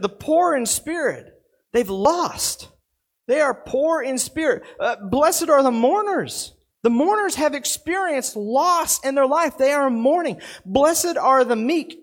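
A man preaching a sermon to his congregation, animated, with rhetorical questions and repeated phrases. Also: very high-pitched. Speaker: pastor.

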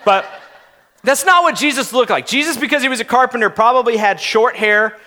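A young adult man preaching a sermon as pastor, playful and animated, acting out skeptical townspeople in quick asides. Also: extremely high pitch.

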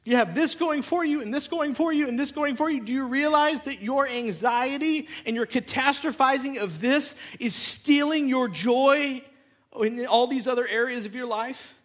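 A man who is a pastor, preaching a sermon and acting out both sides of a conversation in an animated storytelling way. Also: very high-pitched, normal speed.

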